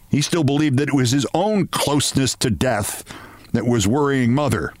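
A man hosting a podcast, reading a short story aloud in a measured, expressive way. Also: mid-range voice, dry recording. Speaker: podcast host.

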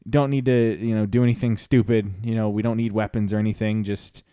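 A man voicing a nervous police officer who talks in halting, hesitant bits. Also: fairly low pitch, little pitch movement, mellow, smooth, dry recording, studio quality, lightly acted. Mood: uneasy.

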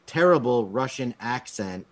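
A man talks casually on a podcast, giving a blunt, profane film review. He hesitates often, filling gaps with ums, and his voice sits at an ordinary middle pitch. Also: expressive, unhurried.

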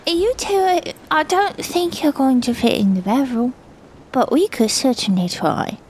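A woman's voice: sits high, sing-song, unhurried, darkish tone, a little hiss or hum. A woman playing in a tabletop game, speaking in a sweet, dreamy way. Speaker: player. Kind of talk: casual role-play chat.

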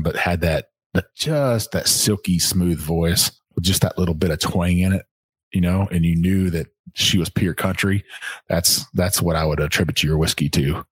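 A very deep-voiced man co-hosts a podcast in a folksy, chatty way that rambles a little. His voice is husky and recorded close and dry. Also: no room sound. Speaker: podcast co-host. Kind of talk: casual podcast chat.

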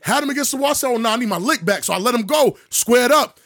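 A man casually telling a story on a podcast, acting out voices with sudden jumps in pitch and plenty of profane slang. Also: fast, a crowd in the background. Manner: animated, acts out dialogue with big pitch jumps.

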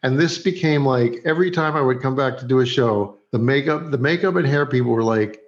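A man, a TV director, telling a story from a film set in a relaxed way, acting out both sides of the dialogue and laughing often. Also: medium pitch, a little fast, muffled recording. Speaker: TV director, guest.

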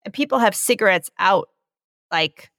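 Brief: chatty female co-host, mid pitch, keen storyteller, close dry mic. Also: animated, moderate pace, vocal fry, fairly bright tone, no echo. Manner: enthusiastic storyteller, laughs easily, acts out movie scenes. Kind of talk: casual chat.

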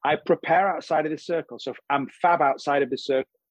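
Male guest, acting teacher type, husky timbre, earnest and casual, dry close sound. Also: a little high, steady tone, fast talker, dry recording, low-quality recording. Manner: earnest, explanatory, says "bro". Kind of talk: casual interview chat.

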